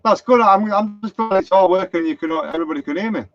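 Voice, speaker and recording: A middle-aged motorhome vlogger from Lancashire, England, rambles through anecdotes on a live stream and reads out viewer comments. His voice is high-pitched and a bit bright, delivered at a quick pace, with faint music behind on a dull, dry, lo-fi recording.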